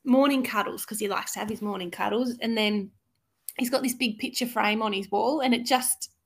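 Mum co-host, easygoing, laughs a lot, slightly high voice, casual chat. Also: female voice, normal speed, gravelly. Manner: laughs often, relaxed anecdotes about her kids. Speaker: podcast co-host.

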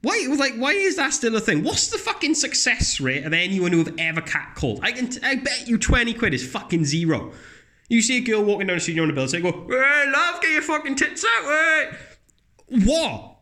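The man rants at a quick pace in a casual, joking chat, using a blunt, animated, profanity-laced manner. Mocking others sends his voice jumping high.

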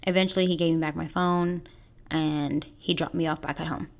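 A young woman hosting a podcast, telling a painful personal story in an earnest, halting way with restarts. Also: sits low, fairly even intonation, vocal fry. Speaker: podcast host.

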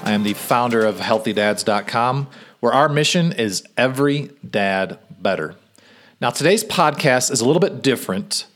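A man's voice: mid-range voice, expressive, normal speed, fairly bright tone, faint music behind. A middle-aged man hosts a podcast in a friendly, conversational monologue, sometimes restarting a phrase. His voice sits in an ordinary middle range. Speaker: podcast host.

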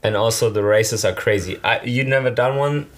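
A man's voice: mid-range voice, moderate pace. A man co-hosting a casual podcast, eager and often laughing, with lots of "like". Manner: enthusiastic, laughs often, says "like". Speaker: podcast co-host.

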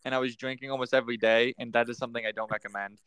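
A man's voice: medium pitch, level tone, rapid-fire, background noise. A man hosting a casual podcast chat, joking and laughing often. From United States. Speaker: podcast host.

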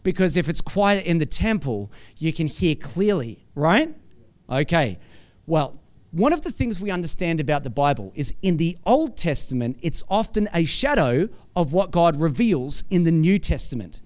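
A man with a fairly high voice delivers a sermon in an easygoing, conversational way. His tone stays smooth and clear as he keeps asking the congregation "right?" and acts out small everyday scenes. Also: normal speed. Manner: animated storytelling with acted-out asides. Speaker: preacher.

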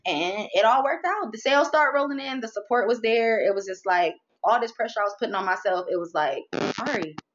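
A woman talking candidly about faith and frustration, animated and expressive, acting out her inner dialogue. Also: fairly high pitch, fairly quick, few pauses, muffled recording, a little hiss or hum. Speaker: guest, merch business owner.

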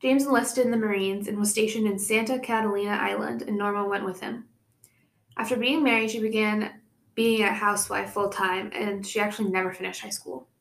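A woman's voice: mid-range voice, steady tone, a little fast, gravelly. A young woman co-hosting a podcast, telling a true-crime case in a casual way with chatty asides. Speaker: podcast co-host presenting the case. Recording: echoey room.

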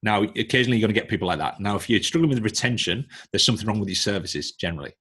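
A man's voice: fairly low pitch, rapid-fire, fairly bright tone, breathy edge. A man with a Northern English accent, a coaching mentor explaining his views bluntly in a casual podcast conversation. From Northern England. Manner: blunt, lecturing with examples. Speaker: coaching business mentor, guest.

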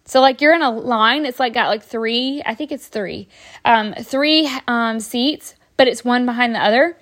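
A woman's voice: fairly high pitch, moderate pace, a bit bright. A woman, telling stories in a rambling, chatty way on a podcast, full of fillers and restarts. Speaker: podcast host. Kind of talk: casual storytelling.

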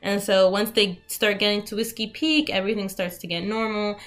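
A woman in casual chat, recapping an anime plot in an animated way, full of "like" and quick laughs. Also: medium pitch. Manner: animated storytelling, heavy use of "like", frequent laughter.

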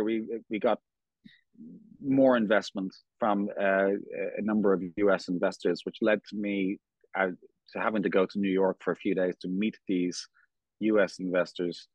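An Irish man telling a long story as an interview guest, rambling and halting with many restarts. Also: fairly low pitch, steady tone, no echo, dull audio. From Ireland. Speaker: company founder, guest.

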